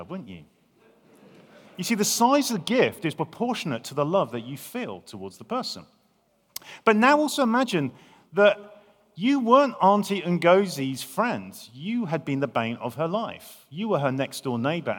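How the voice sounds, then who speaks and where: A male pastor delivers a conversational sermon, his pitch swinging widely as he talks. He restarts phrases often and sounds a touch high. A long hall reverb trails each line. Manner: lively, conversational preaching with frequent restarts.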